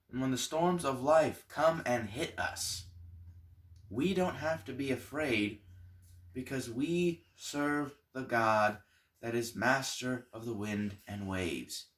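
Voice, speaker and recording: Bright-voiced male pastor telling a story. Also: medium pitch. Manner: animated storyteller who drops to soft tones for emphasis. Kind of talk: Sunday school storytelling lesson.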